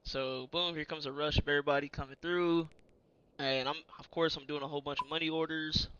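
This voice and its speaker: A young man casually telling an army story to a friend, animated, with many fillers, acting out the shouted quotes. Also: fairly high pitch, fairly quick, clean tone, dull audio.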